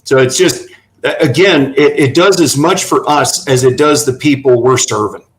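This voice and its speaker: A middle-aged man speaking earnestly in a folksy, anecdotal way, his voice sitting at an ordinary pitch. He sounds like a guest sharing personal stories on a panel talk. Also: normal speed, low-quality recording. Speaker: guest running horse therapy for veterans.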